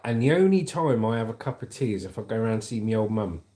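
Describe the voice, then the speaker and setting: A man's voice: on the low side, expressive, fast talker, dark tone. Man, livestream host, casual rambling chat, reads comments aloud.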